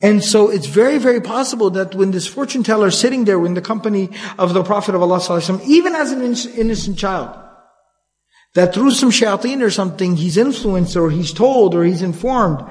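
A man with a high voice tells a religious story in a casual, chatty manner, with fast stretches of Arabic recitation. His voice carries a long hall reverb. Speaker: religious lecturer. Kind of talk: conversational Islamic storytelling lecture.

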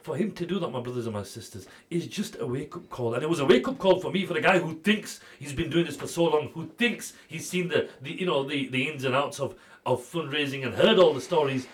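A man making a charity appeal on TV. He swings between loud, pressing urging and hushed, intimate storytelling. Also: fairly high pitch, a little fast, few pauses. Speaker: charity fundraiser. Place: TV studio.

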